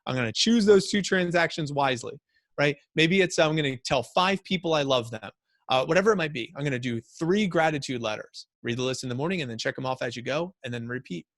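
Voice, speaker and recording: A man giving a motivational talk to a company's staff, energetic and repeating key phrases for emphasis. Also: mid-range voice, fast, no echo, studio quality. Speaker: motivational speaker.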